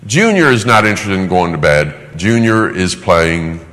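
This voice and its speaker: A man's voice: deep voice, animated, measured pace, few pauses, fairly bright tone, long reverb tail, low-quality recording. A man preaching a sermon, emphatic and repeating words for effect.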